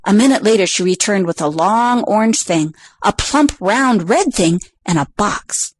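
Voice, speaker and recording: A woman narrating a children's storybook in an expressive, animated reading. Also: medium pitch, measured pace, dry recording.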